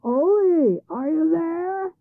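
Woman doing a loud greedy male troll. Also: mid-range voice, animated, normal speed, gravelly, husky, no echo. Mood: shouting. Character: big gruff male troll, greedy and boastful. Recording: tinny phone-like band-limited sound.

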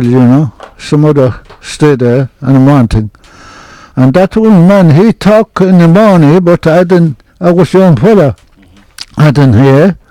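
An older man, telling a hunting story in halting, broken English with short phrases. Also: a little high, warm tone, dry recording, rough recording. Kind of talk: oral history storytelling.

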